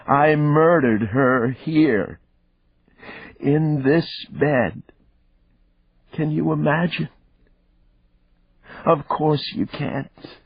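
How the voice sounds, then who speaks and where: A man's voice: lowish voice, husky, dry recording, pitched above the performer's own voice. A man voicing an arrogant, unhinged male killer who mocks and wails, in a dull, dry recording. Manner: mocking, then wailing.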